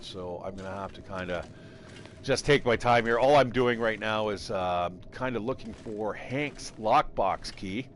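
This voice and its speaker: Male streamer, low voice, loose rambling commentary with frequent swearing. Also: fairly bright tone, a little hiss or hum. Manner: rambling, swears freely, thinks aloud. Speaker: game streamer. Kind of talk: casual live-stream commentary.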